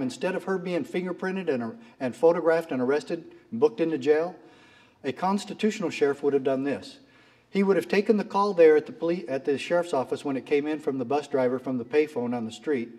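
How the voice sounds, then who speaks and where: A man's voice: on the high side, darkish tone, slightly rough. A middle-aged man giving an impassioned speech at a fundraiser, telling a story and acting out its characters' lines. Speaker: speaker at a political fundraiser. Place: fundraiser event hall.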